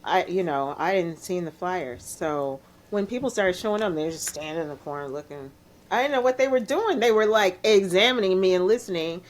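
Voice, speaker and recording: Low-voiced middle-aged woman reminiscing. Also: lively intonation, brisk. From Chicago, US. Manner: soft-spoken, reflective, laughs often. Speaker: DJ guest. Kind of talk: relaxed storytelling interview.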